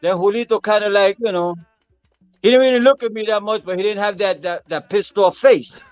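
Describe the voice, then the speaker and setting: High-voiced man telling a story. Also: brisk, clear, resonant tone, dry recording, muffled recording, soft background music. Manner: animated, acts out quotes of others. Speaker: guest musician. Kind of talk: casual storytelling.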